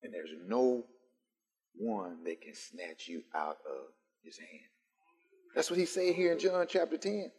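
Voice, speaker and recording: A man's voice: medium pitch, very animated, a little slow, long pauses, darkish tone. A man preaching a sermon to a live congregation, building through emphatic repetition. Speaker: pastor. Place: church sanctuary, live-streamed. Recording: long church reverb.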